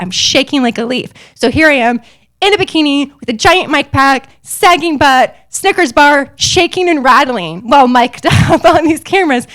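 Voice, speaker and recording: A woman in her forties tells a personal story on her podcast in an animated, self-mocking way. Her voice sits a little high. She laughs often and jumps into bursts of excitement.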